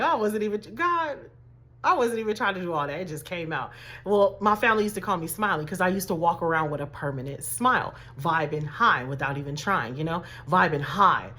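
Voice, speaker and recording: A woman life coach giving a chatty, animated motivational talk to camera, calling her viewers y'all and baby. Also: deep voice, a little fast, slight background noise.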